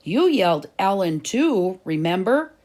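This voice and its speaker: A woman's voice: medium pitch, big pitch swings, measured pace, a little mellow. Woman voicing a sensible schoolboy sidekick. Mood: coaxing. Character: level-headed schoolboy sidekick. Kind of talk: storybook reading.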